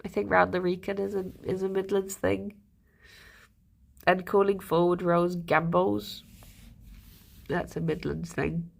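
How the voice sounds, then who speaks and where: A woman streamer from England chats at an unhurried pace, wandering from thought to thought with plenty of fillers. Her voice has a gravelly fry to it, and it goes higher and sing-song when she coos at her pets. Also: flat delivery. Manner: rambling, chatty, with lots of fillers. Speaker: live streamer. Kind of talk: casual chat on a live stream.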